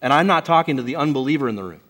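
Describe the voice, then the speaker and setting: A man preaching a sermon to a congregation, earnest and emphatic, slowing down to stress key phrases. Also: medium pitch, lively intonation, a bit bright. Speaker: pastor. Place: church service before a congregation.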